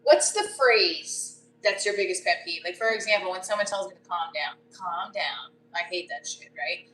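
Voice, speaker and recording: A woman's voice: lowish voice, normal speed, sharp tone, reverberant, a little hiss or hum, rough recording. A woman comedian with a New Jersey accent, chatting casually on a live stream, blunt and profane, reading viewer comments aloud.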